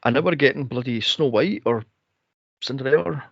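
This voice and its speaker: A man's voice: medium pitch, moderate pace, gravelly, no room sound. A man co-hosting a podcast, recapping a film in exasperated casual chat with frequent swearing and laughter. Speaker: podcast co-host. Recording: dull lo-fi podcast mic.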